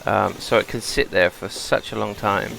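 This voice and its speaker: A man's voice: on the low side, steady tone, moderate pace, gravelly, a bit bright, low-quality recording. A British man giving chatty gameplay commentary, explaining game mechanics as he plays. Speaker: gameplay streamer.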